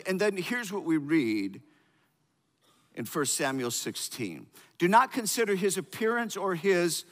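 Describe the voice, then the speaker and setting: A man preaching a sermon. He calls out to the congregation for answers and swings between loud emphasis and quiet, low passages, often restarting his words. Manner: frequent restarts and repeated words. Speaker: pastor. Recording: long reverb of a large hall.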